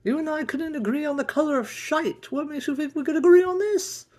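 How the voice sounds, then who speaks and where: A man voicing a cranky, bickering young woman who scolds and insults in a shrill voice. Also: brisk, darkish tone, close to an everyday voice. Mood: scolding.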